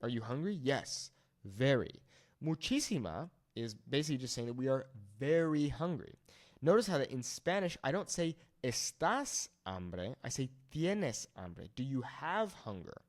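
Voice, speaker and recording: In an animated voice that rises and falls, a man gives a language lesson, patiently alternating English explanations with Spanish example phrases. His voice sits in the mid range and he takes his time.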